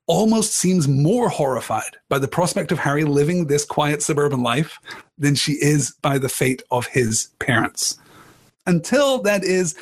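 A man's voice: on the high side, husky. A man reading aloud from a novel and discussing it with his audience like a literature teacher, enthusiastic and asking questions.

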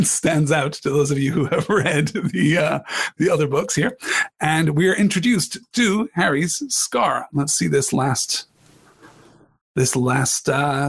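A man's voice: on the high side, vocal fry, breathy edge. A man reading aloud from a novel and discussing it with his audience like a literature teacher, enthusiastic and asking questions.

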